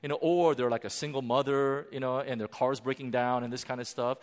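A man preaching a sermon with animated emphasis, dramatic pauses and frequent restarts. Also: medium pitch. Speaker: pastor. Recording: long hall reverb.

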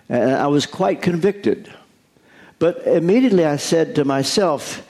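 A man's voice: medium pitch, a little mellow. An older American man, a pastor, giving an earnest, confessional sermon.

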